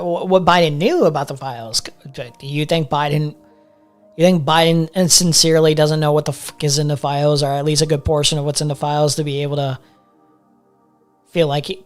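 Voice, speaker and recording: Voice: medium pitch, fairly quick, faint music behind. A live commentary streamer ranting in an exasperated, profane way, often repeating words while reacting to a debate clip.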